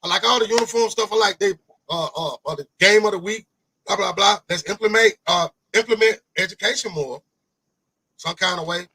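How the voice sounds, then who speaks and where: A man hosting a podcast interview, talking in an animated, rambling way, swearing often and repeating himself. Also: high-pitched, a little fast, breathy edge, no echo, poor audio. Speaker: podcast host. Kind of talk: casual interview chat.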